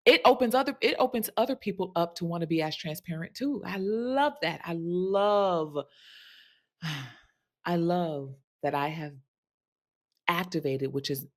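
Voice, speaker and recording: A woman speaking as a sensuality coach in a casual monologue, chatty and candid, often tossing in "right?". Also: lowish voice. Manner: candid and frank, swears casually. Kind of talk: casual direct-to-camera monologue.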